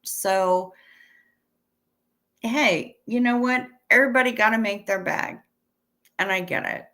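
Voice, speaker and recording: Woman, 50s, livestream host. Unhurried, bright voice; casual, salty, chatty with viewers. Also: a little high. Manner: chatty and profane, thanks viewers. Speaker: livestream host reading chat. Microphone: webcam stream setup.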